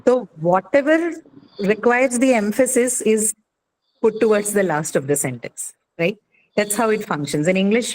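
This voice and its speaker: A woman's voice: mid-range voice, darkish tone, low-quality recording. A woman lecturing a class on English grammar. She explains step by step and keeps asking "right?" to make sure students follow. Faint background noise sits under her voice. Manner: explanatory, checks with frequent "right?". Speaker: English teacher.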